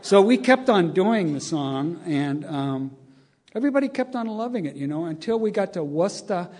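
Older man, storyteller, slightly high pitch, wry, chuckling, acts out the dialogue. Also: expressive, moderate pace, darkish tone. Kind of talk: anecdotal storytelling to an audience.

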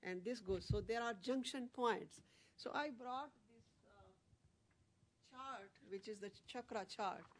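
A woman's voice: fairly high pitch, unhurried. A woman teaching meditation to a small group, explaining with many fillers and restarts. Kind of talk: lecture with audience questions.

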